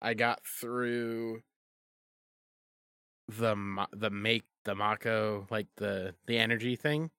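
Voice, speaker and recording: A man co-hosting a podcast, chatting casually with quick jokes and frequent laughter. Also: on the low side, fairly even intonation, sharp tone, clean tone, no room sound, clean studio sound. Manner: joking, quick quips, laughs a lot. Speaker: podcast co-host. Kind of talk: casual chat.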